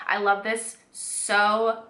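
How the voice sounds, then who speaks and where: A woman's voice: mid-range voice, completely flat delivery, drawn-out words, a bit bright, reverberant. A young woman with a stuffy, nasal voice from a cold, chatting casually through a makeup tutorial with lots of restarts. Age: young adult. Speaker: beauty vlogger.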